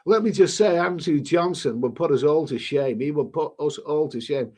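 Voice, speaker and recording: Rambling British man, slightly high voice. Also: moderate pace, darkish tone. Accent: British English. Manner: rambling, with many restarts and mild swearing. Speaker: travel vlogger hosting a livestream. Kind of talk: casual livestream chat reading viewer messages.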